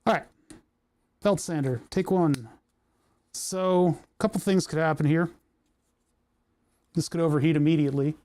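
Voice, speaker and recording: A man streaming a project from his indoor workshop keeps hiccuping as he tinkers and rambles, clearly entertained by himself. He talks at a moderate pace with long pauses in a slightly high, dark voice, recorded on a lapel mic without room sound.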